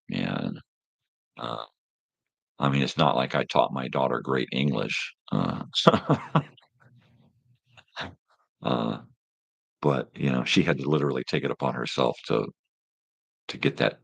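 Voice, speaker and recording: Gravelly, very deep-voiced man. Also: no echo. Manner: rambling, laid-back slang. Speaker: live-stream host. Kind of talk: casual live-stream chat with viewers.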